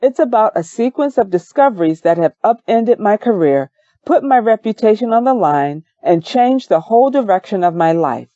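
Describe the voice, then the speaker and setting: A woman reads a first-person audiobook in a measured, calm way. Her voice is warm and mellow, set close to the mic in a dry space. The recording sounds slightly dull and muffled. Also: mid-range voice, no echo. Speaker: audiobook narrator.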